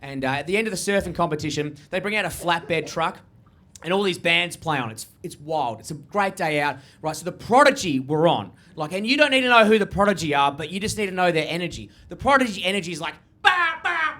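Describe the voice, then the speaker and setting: A man with an Australian accent performing a stand-up set into a handheld mic, with loose, high-energy storytelling. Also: animated, quick pace, pushed and bright. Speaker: stand-up comedian.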